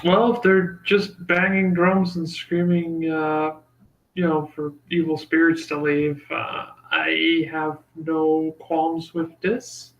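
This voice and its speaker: A man's voice: a little high, monotone, slow pace, fairly bright tone, highs cut off. Amused male tabletop player. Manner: chatty, amused. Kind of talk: casual tabletop play.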